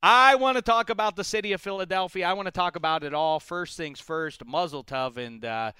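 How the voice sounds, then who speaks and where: A man's voice: high-pitched, a little fast, bright, forceful tone, clear, resonant tone, no room sound. A man hosting a studio podcast in casual, jokey banter, rambling with plenty of fillers. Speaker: podcast host.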